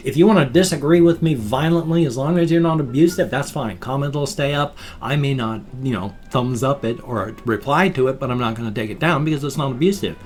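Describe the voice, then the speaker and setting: An older man chats casually in a rambling, homespun way, his voice sitting at an ordinary middle pitch. He often lets the ends of his sentences drop off softly. A faint bit of music plays quietly behind him. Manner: rambling, folksy, trailing off softly at line ends. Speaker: vlogger. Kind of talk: casual vlog monologue.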